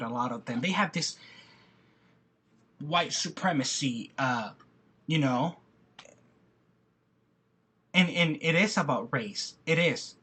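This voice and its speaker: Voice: mid-range voice, fairly bright tone, husky. A speaker giving a passionate personal video rant who talks in emphatic repetitions and frequent restarts. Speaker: video blogger.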